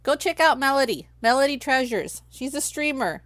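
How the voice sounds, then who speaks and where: A woman's voice: high voice, expressive, moderate pace, fairly bright tone, no echo. A woman hosting a crafting livestream, chatting casually with viewers and thinking aloud while she works. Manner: chatty, talks to herself while working, reads chat aloud.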